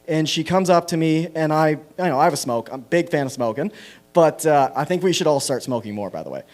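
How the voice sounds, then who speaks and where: A man's voice: fairly high pitch, lively intonation, quick pace, darkish tone. A Canadian man on a small comedy stage, talking into a handheld mic with a slightly raised voice. His delivery is loose and self-deprecating, full of ums and restarts as he winds through a story. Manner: self-deprecating, rambling with fillers. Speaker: stand-up comedian. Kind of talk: open mic stand-up set.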